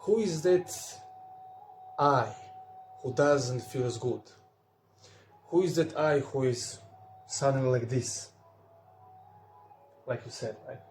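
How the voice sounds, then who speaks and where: Man speaking slowly in an echoey room. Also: mid-range voice, darkish tone, a little hiss or hum. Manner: slow, searching, with pauses and restarts. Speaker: spiritual teacher. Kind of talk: calm spiritual talk to viewers.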